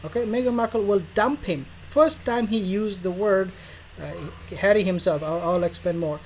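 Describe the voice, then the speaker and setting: Casual and sarcastic, a royal news vlogger rambles and acts out invented dialogues in a commentary vlog. The medium-pitched voice runs at normal speed, recorded roughly, with faint noise behind it.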